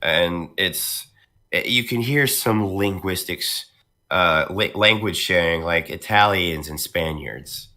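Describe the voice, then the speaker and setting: A man's voice: low voice, takes it slowly, sharp tone. A man who is a voice actor, chatting casually on a podcast, laughing often and using many fillers and restarts. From northern United States. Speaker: voice actor guest.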